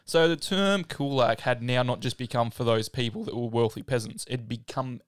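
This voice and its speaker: A man's voice: medium pitch, normal speed, dry recording, clean studio sound. A man hosting a podcast, casually explaining history and laughing often. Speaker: podcast host. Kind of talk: casual chat.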